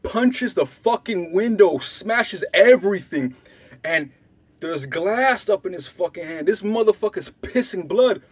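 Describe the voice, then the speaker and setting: A man's voice: sits high, unhurried, breathy edge. A young man from Canada telling a wild story in casual slang, swearing freely and acting out other people's lines. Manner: animated, swearing, acts out quotes loudly and softly.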